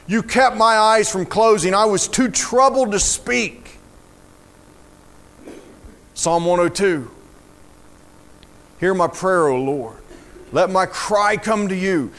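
A man with a high-pitched voice preaches slowly and deliberately. He reads scripture with fervent feeling, and his voice climbs on the lines he stresses most. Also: fairly bright tone. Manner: slow, fervent, rising to emotional emphasis. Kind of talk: sermon with scripture reading.

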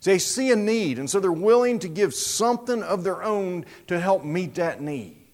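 A man preaching a sermon, telling a story in an animated, dramatic way. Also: sits high, moderate pace.

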